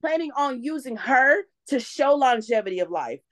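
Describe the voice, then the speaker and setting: A young adult woman, a podcast guest telling lively faith stories in casual conversation and acting out what people said. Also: high-pitched, normal speed. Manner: animated storyteller, acts out quotes.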